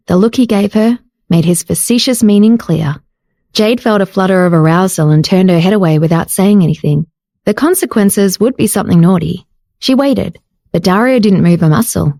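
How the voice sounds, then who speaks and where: A woman reads an audiobook novel in steady scripted narration. Her voice sits at a middle pitch with a mellow, warm tone. The sound is close and dry. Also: moderate pace, dry recording. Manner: steady storytelling reading.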